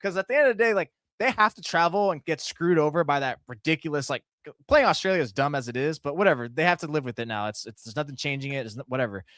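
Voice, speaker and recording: Fast excited dude talking football, kinda high voice, dry close sound, laughs a lot. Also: male voice, dry recording. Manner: fast, animated, laughing, acts out quotes. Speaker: podcast co-host. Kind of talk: casual sports talk.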